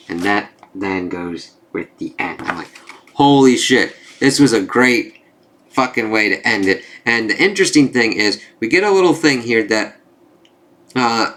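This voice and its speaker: A man's voice: fairly low pitch, a bit bright. A young man talking casually in a rambling video review, swearing freely and filling gaps with "like". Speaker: comic book reviewer.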